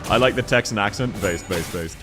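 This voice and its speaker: A man's voice: fairly low pitch, a little fast, music in the background. A young man streaming a game, chatting casually with viewers, joking and swearing as he plays. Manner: joking, swearing, reacting to chat. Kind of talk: casual livestream chat while playing.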